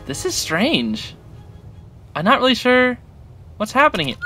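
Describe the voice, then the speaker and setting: A man hosting a gaming channel, giving excitable, chatty commentary while he plays and talks to the characters on screen. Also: high voice, takes it slowly, pauses often. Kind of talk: casual gameplay commentary. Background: game music.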